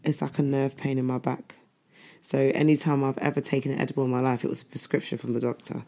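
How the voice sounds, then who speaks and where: A woman's voice: very deep voice, little pitch movement, fast talker, vocal fry, mellow. A young woman co-hosting a casual podcast, chatting and teasing with frequent laughter. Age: young adult. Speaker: podcast co-host. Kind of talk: casual chat.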